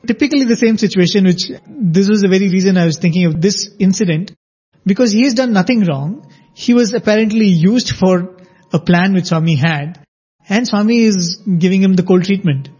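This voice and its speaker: Man, high voice, husky, mellow tone, storytelling, dull lo-fi sound. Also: fairly quick. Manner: animated, acts out quoted dialogue. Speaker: storyteller sharing a devotional anecdote. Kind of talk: conversational spiritual storytelling. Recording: dull lo-fi audio.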